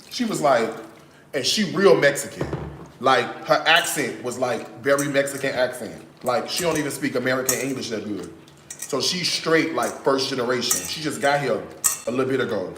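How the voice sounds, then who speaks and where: In an echoey home kitchen, a man with a voice on the high side cooks on a live stream, talking straight to his audience and telling stories with animated flair. He speaks at a normal speed, and a bit of hiss or hum can be heard.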